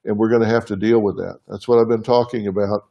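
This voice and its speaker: A man's voice: on the low side, fairly even intonation, fast talker, vocal fry, mellow. A man hosting a live show from his home, speaking earnestly and plainly to viewers, thinking aloud as he answers their questions. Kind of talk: live casual address to viewers.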